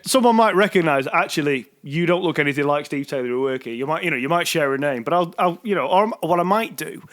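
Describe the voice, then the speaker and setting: A man's voice: on the high side, lively intonation, fast talker, fairly bright tone. A man with a Manchester accent co-hosting a podcast in casual chat. He muses aloud and repeats words as he works out his thoughts. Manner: musing, repeats words as he thinks. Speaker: podcast co-host.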